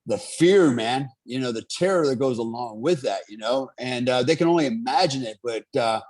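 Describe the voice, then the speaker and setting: A middle-aged man recounts his combat deployments in a casual interview. His pitch sits in an ordinary middle range. He rambles earnestly, with frequent fillers. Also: normal speed, darkish tone. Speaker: military veteran guest.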